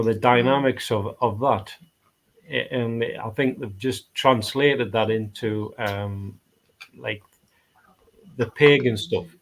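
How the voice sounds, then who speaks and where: A man as a guest in a casual chat, talking haltingly and searching for words. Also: medium pitch, vocal fry.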